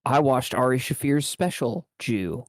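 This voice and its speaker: A man's voice: medium pitch, expressive, a little slow, no echo, clean studio sound. A man on a casual debate panel who drops short, wry interjections.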